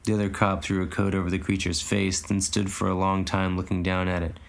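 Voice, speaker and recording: A man narrating an audiobook story in a measured, even way. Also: sits low, creaky. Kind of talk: audiobook reading.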